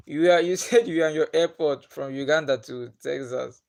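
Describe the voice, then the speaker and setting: A man's voice: a little high, normal speed, creaky. A young Nigerian man with a Nigerian accent, casually chatting with viewers on his live stream, greeting them by name and laughing often. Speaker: livestream host.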